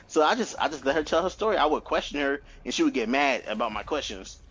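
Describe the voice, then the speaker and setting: A man in his thirties on a podcast, telling family stories in an animated, profane way with lots of laughs. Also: medium pitch, fast talker, slight background noise, rough recording. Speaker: podcast co-host. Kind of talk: casual chat.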